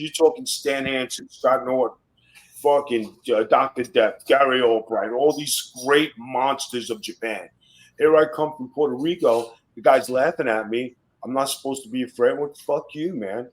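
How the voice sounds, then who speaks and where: A man's voice: mid-range voice, poor audio. A middle-aged man, a former wrestler and podcast guest, telling blunt, profane tough-guy stories in casual talk. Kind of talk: casual storytelling interview.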